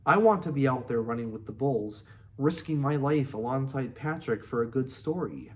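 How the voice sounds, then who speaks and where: A man reading a memoir aloud in an earnest, steady way. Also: mid-range voice, normal speed. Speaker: audiobook reader.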